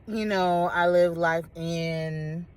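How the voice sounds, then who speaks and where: A woman's voice: lowish voice, slow, clear, resonant tone. A woman, candidly telling personal stories to the camera with slangy asides. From Chicago. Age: 30s. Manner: candid, animated storytelling with slangy asides and laughs. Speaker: vlogger. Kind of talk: casual talk to camera.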